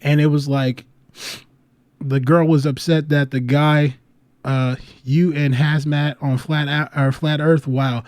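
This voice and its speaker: Speaking slowly in a fairly high-pitched voice with no echo, an American man hosts a casual livestream. His storytelling is animated and rambling, packed with laughs, swearing, and frequent restarts.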